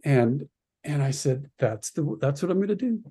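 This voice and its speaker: Husky, lively Canadian-born man telling stories. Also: a little high, normal speed. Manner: acts out the voices of people in his story. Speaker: podcast guest, radio producer. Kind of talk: animated anecdote in a podcast interview.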